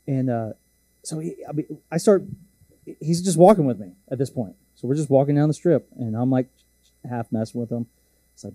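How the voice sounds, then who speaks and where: A man's voice: mid-range voice, normal speed, warm tone, breathy edge, no echo. A man preaching a sermon, telling a story in a casual, joking, self-deprecating way. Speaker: pastor.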